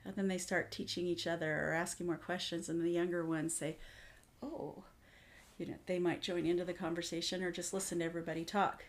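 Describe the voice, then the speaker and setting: A woman's voice: on the low side, a little fast. A woman in her forties chatting casually as a co-host, telling stories and acting out her children's voices. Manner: animated storyteller, acts out her kids' voices. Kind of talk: casual chat.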